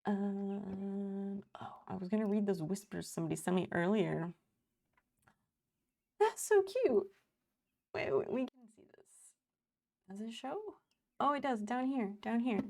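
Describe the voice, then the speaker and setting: A woman in her thirties chats on a live stream, rambling and swearing freely as she reads her chat aloud. Her voice is gravelly with a dark, mellow tone. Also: mid-range voice, normal speed. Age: 30s.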